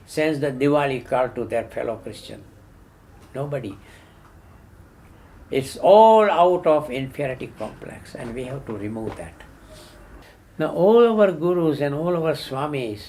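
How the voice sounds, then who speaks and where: A man's voice: mid-range voice, a little mellow, slight background noise. An older man speaking as an activist in an impassioned talk, emphatic, repeating words and rising sharply on his questions. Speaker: Hindu activist.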